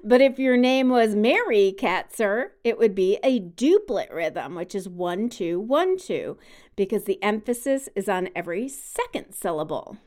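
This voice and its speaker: A woman's voice: mid-range voice, animated, a little slow, a little mellow. A woman co-hosting a podcast who explains things patiently, like a music teacher, and sounds out her examples. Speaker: podcast co-host. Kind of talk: casual podcast chat.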